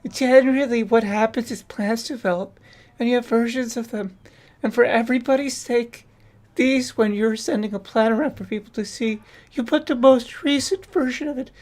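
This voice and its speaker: Female witness, high voice, calm explaining. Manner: measured, explanatory. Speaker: hearing witness. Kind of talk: formal testimony.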